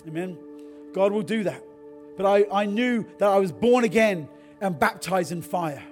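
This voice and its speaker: Over faint background music, a middle-aged male pastor with a high-pitched voice preaches at a moderate pace. He shares personal stories, then builds into fervent calls for listeners to repent.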